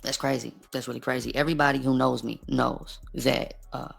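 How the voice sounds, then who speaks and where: A man's voice: medium pitch, little pitch movement, brisk, vocal fry, breathy edge, faint music behind. A man giving an emphatic, repetitive unscripted monologue in his own defense, asking rhetorical questions and reading scripture. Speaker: preacher defending himself.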